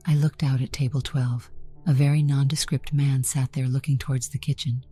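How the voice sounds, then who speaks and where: A woman narrating a first-person story in an even, measured way. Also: extremely low pitch, breathy edge, soft background music.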